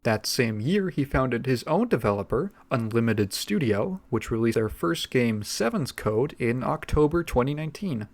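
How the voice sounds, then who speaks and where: A man's voice: mid-range voice, big pitch swings, moderate pace, few pauses. A man giving scripted video narration with dry, sarcastic commentary.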